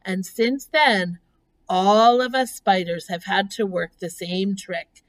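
A woman voicing a clever female spider with a thin, pleasant voice and a brisk, matter-of-fact manner. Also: mid-range voice, steady tone, close to an everyday voice, low-quality recording.

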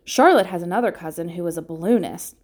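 A woman reading aloud and voicing an imaginative young farm girl who talks in an excited, insistent way. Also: lowish voice, quick pace.

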